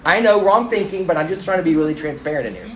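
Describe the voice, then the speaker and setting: The middle-aged preacher jokes at his own expense while telling stories, addressing the crowd directly in a conversational sermon. He speaks fast and animatedly in a fairly high, slightly bright voice. The audio is poor and reverberant.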